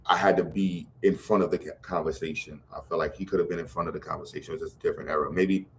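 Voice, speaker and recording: A deep, steady voice with vocal fry comes from a middle-aged Brooklyn man speaking rapid-fire, with a little hiss or hum in the audio. He's a livestream guest and an educator running a program, chatting casually in slang and often restarting his sentences.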